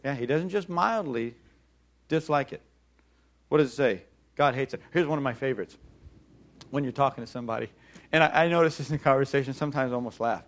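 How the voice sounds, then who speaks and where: A man preaching a sermon in an animated way, acting out voices and calling on the congregation to respond. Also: medium pitch, fairly quick, pauses often. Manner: animated, acts out mocking voices, calls for audience response.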